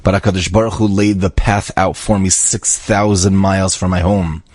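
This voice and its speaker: A man's voice: sits low, little pitch movement, normal speed, a little mellow, dry recording. A man voicing an earnest, humble, grateful young Israeli man in a spoken story.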